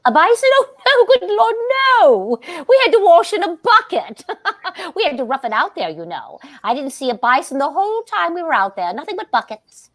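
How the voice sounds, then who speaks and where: A woman's voice: extremely high pitch, very animated, normal speed, fairly bright tone, heavily acted. A woman giving a staged play reading as a scatterbrained, grandly theatrical aging stage actress who giggles often.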